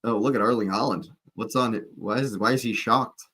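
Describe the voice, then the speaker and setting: A man's voice: mid-range voice, steady tone, fairly quick, pushed and bright. Slangy man doing live match commentary. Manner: chatty, exclaims at play, slangy asides. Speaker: watch-along host.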